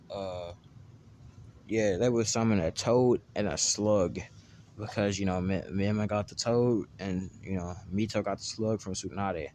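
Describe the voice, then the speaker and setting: A man's voice: lowish voice, a little mellow, slight background noise. A man casually narrating an imagined fan story, rambling with many fillers and restarts.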